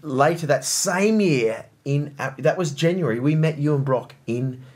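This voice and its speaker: A man hosting a podcast in casual chat, telling stories in an animated way with quick restarts. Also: a little high. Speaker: podcast host.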